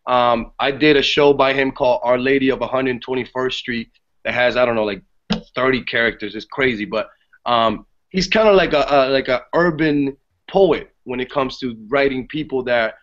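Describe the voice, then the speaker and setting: Male podcast guest, mid pitch, casual and profane, lo-fi sound. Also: normal speed. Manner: animated, swears freely, restarts often. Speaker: theater guest. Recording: dull lo-fi podcast audio.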